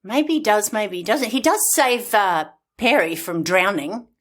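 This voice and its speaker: A woman's voice: medium pitch, expressive, measured pace, fairly bright tone. Chatty Australian woman, laughing often. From Brisbane, Australia. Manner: chatty, laughs often, trails off mid-sentence. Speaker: podcast co-host. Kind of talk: casual chat.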